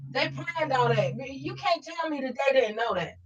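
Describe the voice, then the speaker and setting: Podcast co-host, woman, high voice, blunt and emphatic, swears casually; muffled lo-fi audio. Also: lively intonation, moderate pace. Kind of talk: casual reaction commentary.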